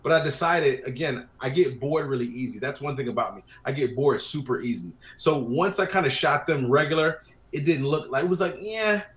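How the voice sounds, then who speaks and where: A man's voice: mid-range voice, expressive, fairly quick, fairly bright tone. A man talking casually as a guest about wedding photography, telling stories and acting out his clients' lines. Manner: chatty storyteller, acts out clients' lines. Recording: roomy echo.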